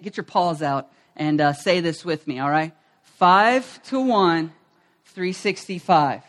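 A pastor preaching a sermon at a church service, energetically repeating key phrases and getting the congregation to say them back. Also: mid-range voice.

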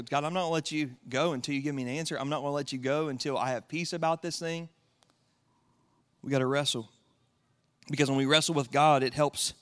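A young man preaching a sermon, earnest and personal, rising to loud impassioned passages. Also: a little high, smooth. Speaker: pastor.

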